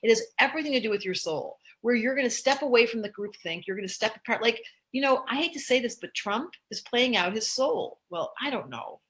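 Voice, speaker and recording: A woman's voice: on the high side, lively intonation, a little fast, hardly any pauses, a bit bright, low-quality recording. An older woman, an astrologer, talking casually and animatedly on a live stream, laughing often. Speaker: astrologer host.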